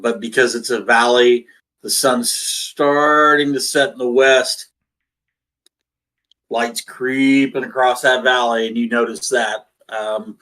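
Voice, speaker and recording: A man's voice: medium pitch, a bit bright, poor audio. Guy running a tabletop game, kinda stammery, loose and chatty. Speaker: dungeon master.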